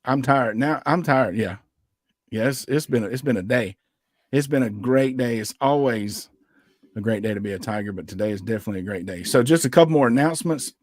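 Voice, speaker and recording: A man's voice: mid-range voice, a little fast, no room sound, clean studio sound. Chatty man co-hosting a sports podcast. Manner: upbeat, chatty, wraps up with show announcements. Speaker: podcast co-host. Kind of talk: casual sports chat.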